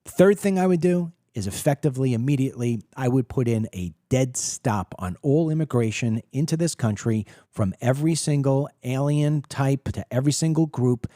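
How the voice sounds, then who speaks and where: A middle-aged man holds forth in an emphatic political monologue, piling up rhetorical questions and repeating words as he builds each point. His voice is mellow and dark, and the recording is dry and close with no room sound. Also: mid-range voice, moderate pace, hardly any pauses, no echo. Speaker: political talk show host. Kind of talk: opinionated monologue to camera.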